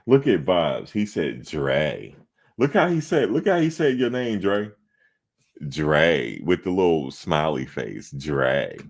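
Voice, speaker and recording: A man with an exceptionally deep voice hosts a sports talk show. He banters loosely with viewers in the chat, mocking them and repeating lines for laughs. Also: big pitch swings, measured pace, few pauses. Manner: trash-talking, mocking, repeats himself for laughs. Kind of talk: casual chat responding to live chat.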